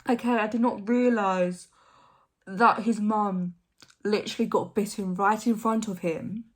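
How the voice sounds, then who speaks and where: Young woman, casual reaction chat, halting and full of fillers, mid-pitched voice. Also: steady tone. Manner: rambling, hesitant, full of "like" and restarts. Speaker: reaction channel host.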